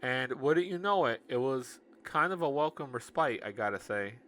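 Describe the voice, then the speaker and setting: Expressive and moderately paced, a man with a medium-pitched, slightly bright voice reads his own novel in a loose, joking way. He often breaks off to mock, argue with, and revise his own lines, and a little hiss or hum runs under the recording.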